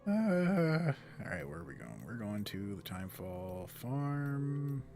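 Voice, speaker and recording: A man's voice: medium pitch, big pitch swings, slow, a little mellow. A man streaming a game, chatting casually and rambling, swearing and laughing now and then, over game music. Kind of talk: casual gameplay commentary.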